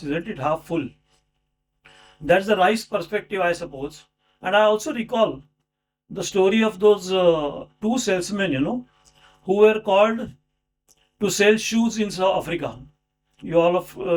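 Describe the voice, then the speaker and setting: A man giving a formal speech at a book launch, introducing an author with rhetorical questions and asides. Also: sits high. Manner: rhetorical, with many fillers and asides.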